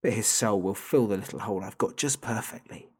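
A man voicing a sinister unseen entity speaking through a toy phone, slow, soft and mocking, in an audiobook story. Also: fairly low pitch, breathy edge. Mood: menacing. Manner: taunting, soft and slow, drawing out the listener's name. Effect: tinny and thin through a phone.

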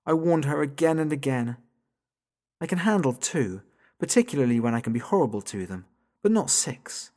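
A man narrating a thriller audiobook in the first person, as a father under strain. His voice stays at a middling pitch when he narrates and climbs sharp and loud in his panicked questions. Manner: tense and rising, pitch jumping up in panic on questions. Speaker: narrator, father of small children.

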